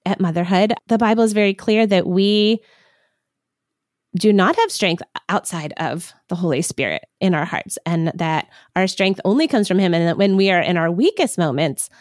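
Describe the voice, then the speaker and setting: A woman's voice: on the low side, no room sound, studio quality. A woman hosting a Christian podcast, speaking in a sincere, reflective way. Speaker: podcast host.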